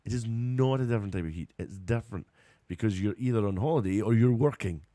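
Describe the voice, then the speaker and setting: A man's voice: fairly low pitch, fast talker, warm tone, no room sound. A Scottish man hosting a live radio stream in casual, rambling chat, often breaking into giggles, and a little tired. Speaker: radio show host.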